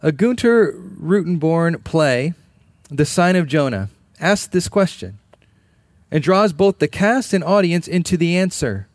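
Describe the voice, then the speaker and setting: A man's voice: on the high side, animated, a little slow, no echo, clean studio sound. A man preaching a sermon in an earnest, emphatic way, repeating key phrases. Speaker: pastor.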